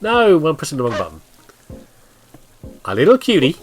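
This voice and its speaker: A man's voice: a little high, wildly swooping pitch, moderate pace, slight background noise. A man hosting a gameplay video, chatting casually and rambling through his commentary with frequent laughs. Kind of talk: casual let's-play commentary.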